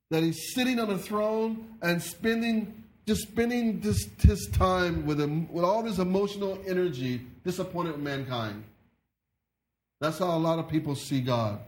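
A man preaching a sermon in an earnest, halting way, often repeating his words. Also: on the high side. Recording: echoey room.

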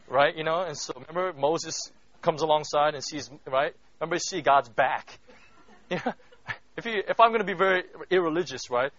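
A male pastor preaching a sermon in a chatty way, often checking in with the listeners, swinging from loud emphatic bursts to hushed moments. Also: fairly high pitch. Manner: conversational, keeps asking "right?". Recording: dull lo-fi recording.

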